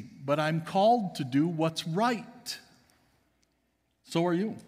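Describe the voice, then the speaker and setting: A pastor delivering an emphatic sermon in a church, swinging between loud and hushed. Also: male voice, fairly high pitch, animated, slow pace, pauses often, breathy edge, big-room sound. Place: church sanctuary.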